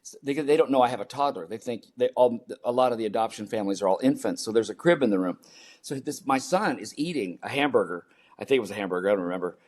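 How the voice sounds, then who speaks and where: A man's voice: medium pitch, expressive, fast, a little mellow. Earnest older man telling a story. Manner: earnest, repeats key phrases for emphasis. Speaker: podcast guest. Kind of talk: personal storytelling in an interview.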